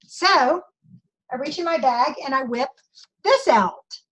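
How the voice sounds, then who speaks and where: A woman's voice: sits high, expressive, slow, a bit bright. A middle-aged woman training her sales team over a video call, chatty and emphatic as she acts out conversations with customers.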